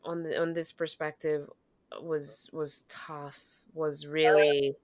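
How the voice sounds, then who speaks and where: A woman's voice: deep voice, takes it slowly, no room sound. A young woman co-hosting a podcast, casually telling stories and acting out the voices of people in them. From Kenya or Zambia. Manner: animated storytelling, acts out quoted exchanges. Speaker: podcast co-host. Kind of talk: casual chat.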